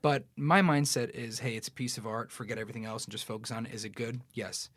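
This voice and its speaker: A young man in his twenties, a podcast guest and actor, chatting casually and telling animated stories in which he quotes other people. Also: mid-range voice, fast talker, no echo. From New York City. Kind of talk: casual chat.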